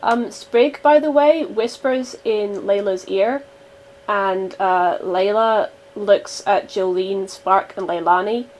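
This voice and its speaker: Woman player, casual tabletop narration, mid pitch, faint hiss. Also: slow pace, darkish tone, low-quality recording. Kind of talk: narrating a character's actions in a tabletop game.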